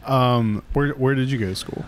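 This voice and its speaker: A man's voice: mid-range voice, normal speed, a little hiss or hum. A man hosting a casual conversation, asking brief questions and laughing often. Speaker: interviewer.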